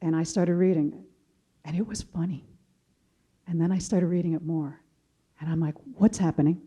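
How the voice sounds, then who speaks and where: A woman from Chicago speaking as a panelist, telling a story in a measured way. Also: lowish voice, fairly even intonation, mellow, breathy edge. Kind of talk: casual panel discussion.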